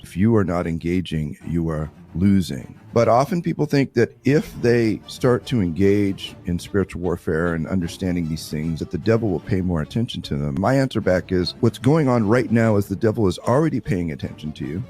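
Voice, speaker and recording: A man's voice: sits low, expressive, brisk, hardly any pauses, dark tone. A man talking earnestly in a conversation and repeating key points for emphasis. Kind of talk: conversational talk on spiritual warfare.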